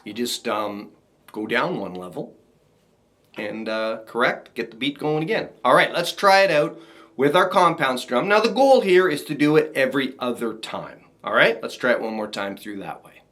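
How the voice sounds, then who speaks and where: A man teaching a ukulele strumming lesson, talking to viewers in a relaxed, encouraging way. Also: medium pitch, moderate pace. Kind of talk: casual instructional talk. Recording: ukulele playing behind voice.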